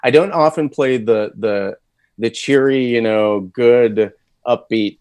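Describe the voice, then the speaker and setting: A man's voice: medium pitch, takes it slowly, darkish tone, smooth, no room sound. A man, a voice actor, chatting candidly and with self-deprecating humor as an interview guest. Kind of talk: casual interview chat.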